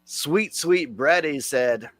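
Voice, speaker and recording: A man chatting casually on a live stream, animated and swearing as he talks to his chat and a friend. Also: a little high, slow, dry recording. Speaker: livestreamer.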